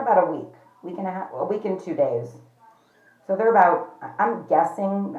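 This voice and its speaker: A woman vlogging at home in a chatty, rambling way, often calling her viewers "you guys". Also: deep voice. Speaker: pet vlogger. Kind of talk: casual chat to camera. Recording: echoey, slightly dull home recording.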